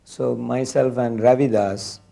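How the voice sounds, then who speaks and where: Slow, deep gravelly man recalling. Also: fairly even intonation, dark tone. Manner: slow, deliberate. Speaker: devotee recalling memories. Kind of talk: slow reminiscence.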